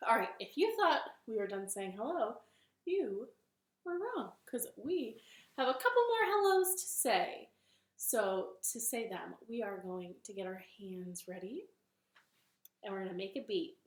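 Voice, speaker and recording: A woman leading a children's storytime from her living room, gentle and encouraging, with a sing-song manner for the kids. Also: mid-range voice, sing-song, measured pace, roomy sound.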